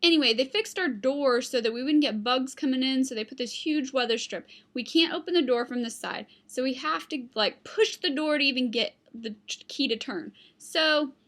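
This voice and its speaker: Her high voice is fairly bright and moves at a normal speed. She's a young adult vlogger chatting casually at home into her computer webcam, wandering between topics and addressing her dog.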